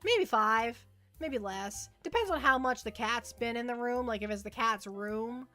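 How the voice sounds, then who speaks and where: A young woman chats on a livestream in a bright, fairly high voice, rambling and stumbling over repeated words as she answers her viewers. Faint music plays behind her. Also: animated, unhurried. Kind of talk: casual chat with live chat.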